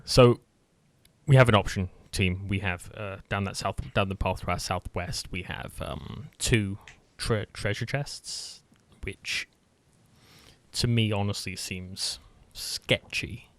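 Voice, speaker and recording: A man's voice: fairly low pitch, steady tone, slow. A man playing in a tabletop game, joking around and often restarting his sentences. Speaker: player. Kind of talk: casual tabletop game chat.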